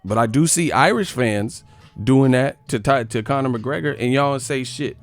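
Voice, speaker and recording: Gravelly, profane man ranting on stream. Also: medium pitch, normal speed, soft background music. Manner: profane, animated, mocks others in put-on voices. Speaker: boxing channel host. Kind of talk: live stream rant.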